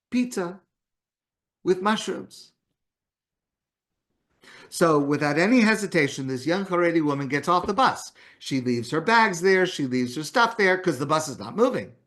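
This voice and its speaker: A man with a fairly high voice gives a morning talk as a rabbi. He speaks in a relaxed, conversational way, telling a story and acting out the voices in it. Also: moderate pace. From Canada.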